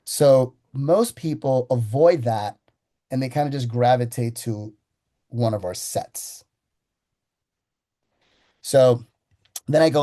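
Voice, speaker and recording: A man leads a sales training session, recounting how he runs a pitch and slowing right down for effect. His voice is warm and mellow and sits at an everyday middle pitch. He talks in a storytelling way, acting out his side of the conversation. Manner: storytelling, acts out his sales pitch with slow deliberate pauses.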